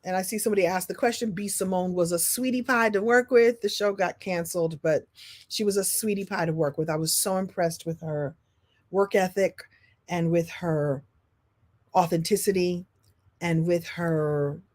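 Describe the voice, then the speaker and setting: A woman hosting a live-stream coaching talk. She is expressive and animated, leaping from loud, high bursts down to soft, low asides and repeating phrases for emphasis. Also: moderate pace. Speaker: speaker and business coach.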